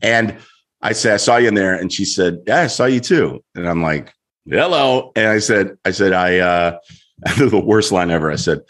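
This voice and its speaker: A middle-aged man, a guest on a show, telling a story in an animated way and acting out voices as he goes. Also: low voice, moderate pace. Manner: lively, acts out voices in his story.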